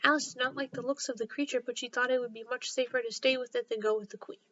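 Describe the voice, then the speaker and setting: A woman reads a children's story aloud in a gentle, steady narrating voice that sits fairly high. The recording is a little dull and lo-fi. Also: quick pace.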